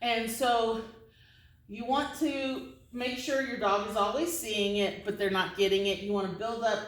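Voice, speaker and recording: Slow-talking lady dog trainer, a bit high-pitched, recorded far off in an echoey room. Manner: relaxed, chatty explanations; high excited praise to her dog during play. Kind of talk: instructional dog-training video. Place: indoor training space with other dogs around.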